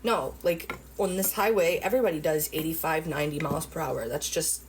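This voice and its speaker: A middle-aged woman at home telling viewers a long story in a rambling, animated way, full of fillers and swearing. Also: sits low, a little fast, background noise. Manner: rambling, animated retelling with lots of fillers and profanity. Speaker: vlogger.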